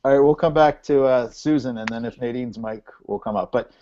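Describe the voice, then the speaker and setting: A man's voice: mid-range voice, a little fast, dark tone, a little hiss or hum. A man hosting an online video call meetup, chatting casually and joking, with loose fillers as he calls on people. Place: home, coming in over a video call. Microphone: video call microphone. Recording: dull lo-fi video call audio.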